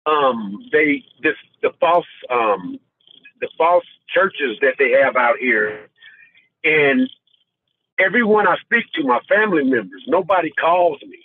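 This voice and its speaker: A man calling in to an online fellowship and giving an earnest, halting testimony, getting emotional and near tears. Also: medium pitch, expressive, slightly rough. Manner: earnest, halting, with many fillers and repeats. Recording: tinny phone line.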